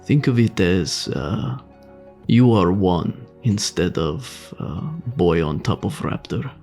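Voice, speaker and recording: Calm gravelly man as a player. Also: sits low, faint music behind. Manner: calm, measured, fatherly in character. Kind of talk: tabletop role-play.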